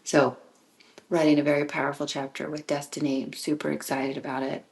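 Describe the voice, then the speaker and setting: A woman, a podcast host and author, muses through a reflective solo monologue on her own show, sometimes slipping into a soft whisper and often restarting sentences when excited. Her voice is low, gravelly, and a little fast, and the recording is low quality.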